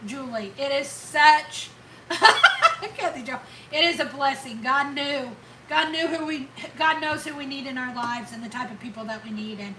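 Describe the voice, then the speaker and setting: A middle-aged woman with a light Southern Kentucky accent and a high, bright voice chats easily with her viewers, reading their names aloud and answering each one. Her voice sounds roomy and a little distant from the microphone. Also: slight background noise. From Indiana. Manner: chatty, reads out viewer names and answers them. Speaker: YouTube channel host. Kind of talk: casual live chat with viewers.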